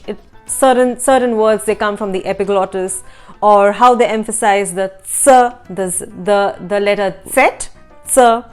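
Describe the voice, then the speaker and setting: A woman hosting a language lesson, explaining translation choices in a measured, explanatory way. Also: medium pitch. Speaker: language teacher and host.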